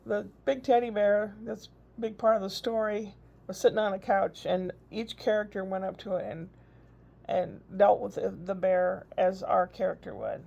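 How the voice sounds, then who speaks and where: A woman's voice: mid-range voice, steady tone, normal speed, gravelly, dark tone. An older woman, a grandmother, chatting in a rambling, casual video diary. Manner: chatty, rambling, frequent laughs. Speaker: vlogger. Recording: dull lo-fi recording.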